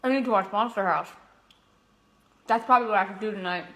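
A young woman livestreams from her home kitchen, chatting casually, reading comments aloud and now and then breaking into song. Her voice sits in the mid range, fairly bright, and she talks a little fast.

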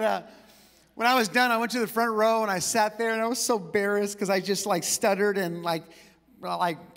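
A man preaching a sermon to a church, telling personal stories with quick asides and light laughter. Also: high-pitched, a bit bright. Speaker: pastor. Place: church auditorium with long reverb. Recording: reverberant church hall.

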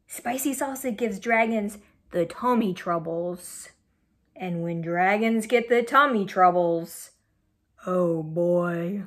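A young woman reading a picture book aloud to children and asking them questions as she goes. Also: a little high. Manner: animated, asks children questions. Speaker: children's storyteller.

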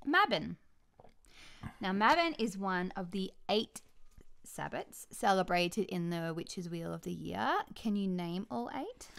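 A woman's voice: mid-range voice, lively intonation, takes it slowly, creaky, fairly bright tone. An Australian woman hosting a podcast at home, chatting in a bubbly way and laughing often. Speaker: podcast host. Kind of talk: casual chat.

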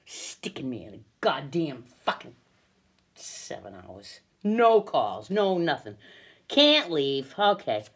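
A woman's voice: deep voice, huge pitch swings, slow pace, slightly rough. An older woman filming herself in an agitated, angry rant, swearing, stammering and breaking into bitter laughs. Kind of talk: angry self-filmed rant.

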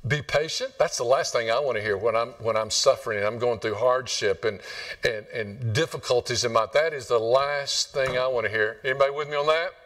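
A man's voice: mid-range voice, brisk, fairly bright tone, recorded from a distance. A man preaching a sermon to his congregation in a conversational, joking way. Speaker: pastor. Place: church sanctuary.

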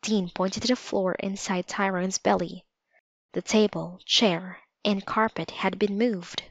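Woman narrator, storybook read-aloud, calm, dry, slightly dull lo-fi recording. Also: medium pitch, unhurried, no room sound.

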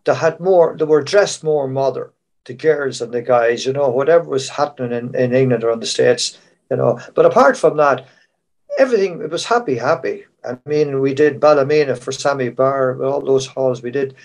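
An older Irish man who once played in a showband tells rambling anecdotes from his touring days during an online panel. His voice is mid-range and darkish, at a moderate pace.

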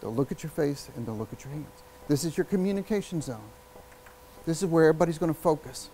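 Man, workshop presenter, slightly high voice, energetic, plays with pace and pauses, faint background noise. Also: low-quality recording. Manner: energetic, emphatic, varies speed and volume with long pauses. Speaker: public speaking workshop presenter. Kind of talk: live workshop talk. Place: workshop room with an audience.

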